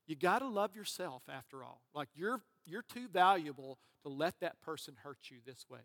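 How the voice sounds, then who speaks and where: A man's voice: fairly high pitch, expressive, normal speed, fairly bright tone. A man preaching a sermon as pastor, conversational and joking, with asides to the congregation. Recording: long reverb of a large hall.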